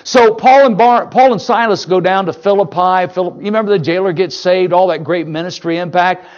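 An older male pastor delivers a folksy sermon in a church, his voice pitched high for a man. He jokes and keeps asking the congregation questions. The recording is dull and lo-fi. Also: fairly quick, a little mellow.

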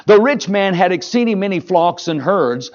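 A pastor preaching a sermon, folksy and emphatic, mixing jokes with rising exhortation. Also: male voice, sits high, lively intonation, moderate pace, dull audio.

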